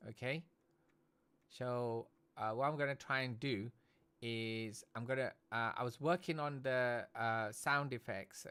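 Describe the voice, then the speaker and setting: A man's voice: medium pitch, fairly bright tone, clear, resonant tone. A man from Britain hosting a casual live stream, chatty and tagging "okay?" onto nearly every phrase. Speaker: livestream host and esports commentator.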